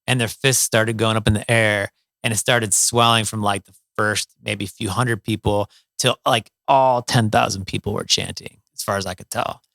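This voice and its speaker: A man's voice: fairly low pitch, steady tone, moderate pace, creaky, fairly bright tone, no echo, studio quality. A middle-aged man from Ohio, a musician, telling stories in a casual interview, with many fillers and restarts. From Toledo, Ohio, USA. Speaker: guest, musician.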